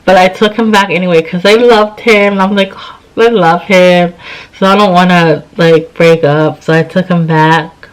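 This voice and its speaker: On poor audio, a vlogger in her thirties speaks at normal speed in a low-leaning voice with fairly even intonation. Tired and yawning, she chats through a personal story for the camera, quoting both sides of old conversations.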